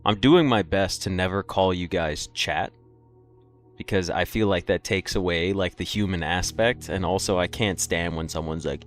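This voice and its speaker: A deep-voiced young man, clearly tired, speaks at normal speed while livestreaming a game. He yawns and chats aimlessly with viewers, full of fillers, as faint music plays.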